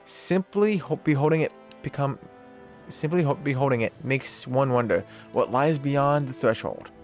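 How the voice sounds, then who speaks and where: A game streamer casually talking through a live stream, reading in-game text aloud, thinking out loud and laughing easily. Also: medium pitch, normal speed, soft background music.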